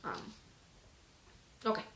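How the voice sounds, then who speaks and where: On a phone-based live stream, a woman leads a casual Bible reading, her bright voice echoing through a roomy space. Between passages she pauses to discuss them in a loose, chatty way full of "like," sounding out of breath. She speaks slowly, with slight background noise.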